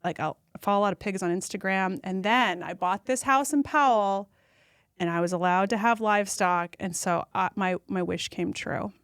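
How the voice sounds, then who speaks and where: A woman, a podcast guest telling funny stories and acting out quotes in a high voice. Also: moderate pace, clean tone, no echo, clean studio sound. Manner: animated storyteller who acts out quotes in a high voice. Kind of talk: casual storytelling chat.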